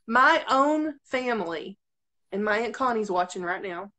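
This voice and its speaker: A woman's voice: fairly high pitch, animated, a little slow, bright, forceful tone. A woman from Arkansas with a Southern accent, a radio host chatting casually and giggling over a video call. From Arkansas, USA. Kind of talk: casual live-stream chat.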